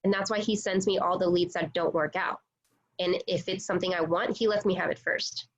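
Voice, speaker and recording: A woman's voice: fairly low pitch, steady tone, brisk, dull audio. A woman working as a real estate agent, chatting casually on a video call, full of "like" and "you know".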